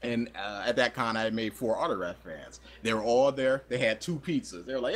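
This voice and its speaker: A young man co-hosting a podcast, telling a story in casual chat, animated and laughing often as he acts out quoted voices. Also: mid-range voice, fairly quick, few pauses. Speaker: podcast co-host.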